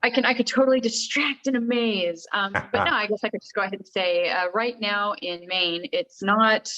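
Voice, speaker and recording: A woman co-hosting a podcast, chatty and self-mocking with quick asides. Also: mid-range voice, pushed and bright. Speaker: podcast co-host. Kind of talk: casual chat. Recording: slightly dull lo-fi sound.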